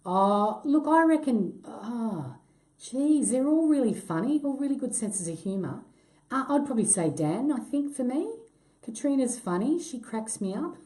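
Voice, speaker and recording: Middle-aged aussie woman chatting, self-deprecating, mellow voice, pitch going all over. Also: moderate pace. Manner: self-deprecating, laughs easily, swears when excited. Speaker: actress being interviewed. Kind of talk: casual chat.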